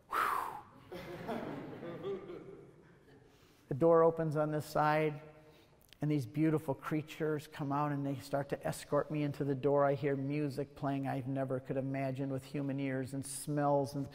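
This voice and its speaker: Male speaker, evangelistic lecture; animated, emphatic storyteller; higher voice; reverberant lecture hall. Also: measured pace. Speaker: guest speaker. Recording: long reverb in a large hall.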